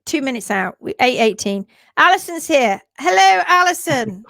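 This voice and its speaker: A woman hosting a live stream in casual chat, excitedly greeting viewers by name. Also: high-pitched, normal speed, gravelly, dry recording, clean studio sound. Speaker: livestream host.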